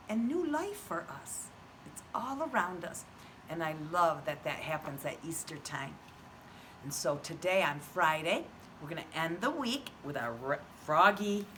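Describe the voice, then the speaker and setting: Female preschool teacher, storytime read-aloud, bright and lively pitch. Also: slight background noise. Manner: gentle, slow and questioning, speaking to little kids. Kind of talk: reading a picture book aloud to young children.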